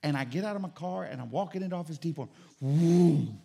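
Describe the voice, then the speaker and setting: A man's voice: fairly high pitch, expressive, rapid-fire, gravelly, darkish tone. A middle-aged man preaching a sermon as pastor, telling stories and calling on the church for an amen. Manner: storytelling with call-and-response.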